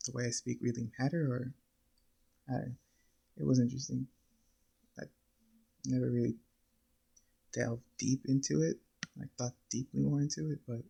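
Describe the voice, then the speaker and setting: A man hosting a reaction video, casually thinking aloud with many pauses and fillers. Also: mid-range voice, creaky, mellow, husky, low-quality recording.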